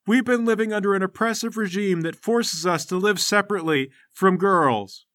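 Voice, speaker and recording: A self-important teenage ringleader with a raised, bright, ringing voice, speechifying to a crowd like it's a rally, as a man puts him on for a tabletop game. Dry, close sound with no room. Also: high-pitched, dry recording, pitched above the performer's own voice. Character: pompous teenage boy leader, preachy rabble-rouser.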